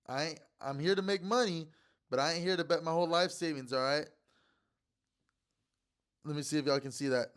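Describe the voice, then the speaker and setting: A man hosting a casual sports picks show, talking loosely to his chat with playful trash talk and words repeated in quick strings. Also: fairly high pitch, fairly bright tone, clean tone.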